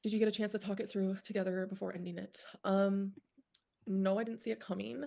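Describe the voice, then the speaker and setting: A woman's voice: mid-range voice, little pitch movement, a little fast, vocal fry, mellow. A woman livestreamer with a stuffy nose, rambling casually and packing her talk with "like.". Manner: rambling, full of "like" fillers.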